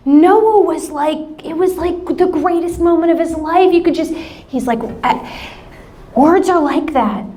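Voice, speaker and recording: High-pitched woman, american accent, pastor, animated church sermon, storytelling with laughs. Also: unhurried.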